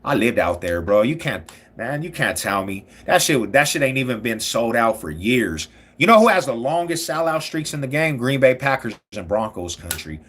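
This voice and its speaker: A man hosting a live stream, talking loud, boastful trash about sports rivals in slangy banter. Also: medium pitch, big pitch swings, moderate pace.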